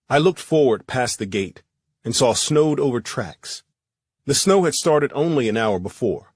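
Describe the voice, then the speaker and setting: A man narrating a first-person thriller audiobook in a steady, measured reading. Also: medium pitch, breathy edge, no echo, clean studio sound.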